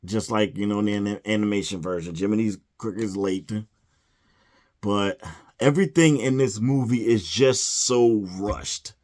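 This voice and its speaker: A man with a lowish voice rants casually about a film, sounding exasperated and sighing often. He drops into mumbled little impressions of the characters as he recaps. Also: moderate pace, a little mellow. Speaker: movie reviewer.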